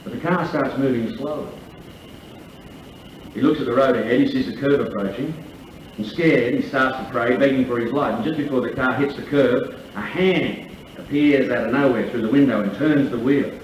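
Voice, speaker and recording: A man's voice: medium pitch, normal speed, slight background noise. A man working as MC at a lunch, telling jokes and spinning a long tall tale with plenty of swearing. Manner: profane, storytelling. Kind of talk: stand-up emcee telling jokes. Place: large function room at a lunch. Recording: echoey live room from far off, dull.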